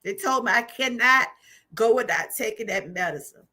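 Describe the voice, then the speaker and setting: A woman's voice: a little high, lively intonation, normal speed, pushed and bright. A woman, hosting her own livestream and giving an emphatic, repetitive, preacherly testimony. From Georgia, US. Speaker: channel host.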